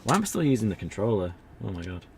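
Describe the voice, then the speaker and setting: Fast and sing-song, this man's fairly low voice comes with a little hiss or hum. He gives casual commentary while streaming an old adventure game, rambling on and poking fun at himself.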